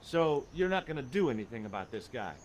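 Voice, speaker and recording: A man's voice: mid-range voice, very animated, a little fast, darkish tone, a little hiss or hum, close to an everyday voice. An actor playing a wry male adventurer who narrates his own exploits with dry sarcasm.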